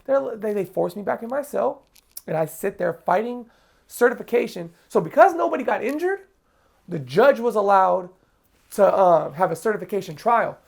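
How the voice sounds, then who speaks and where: A man's voice: high voice, lively intonation, moderate pace, gravelly. A man telling his own story in a casual interview, frank and emotional, acting out what others said to him. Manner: vivid storyteller acting out other people's lines. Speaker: interview guest.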